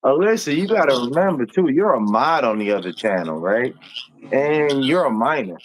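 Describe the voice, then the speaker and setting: A man's voice: mid-range voice, sing-song, normal speed. A young man hosting a casual live stream, talking in a laid-back, slangy way and swearing freely. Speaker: livestream host.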